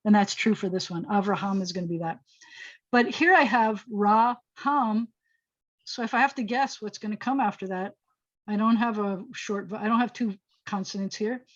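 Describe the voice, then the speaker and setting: A woman's voice: mid-range voice, a little fast. Woman teacher on a video call, chatty and explaining step by step, kinda dull sound. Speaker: rabbi teaching Hebrew. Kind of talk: online class lesson.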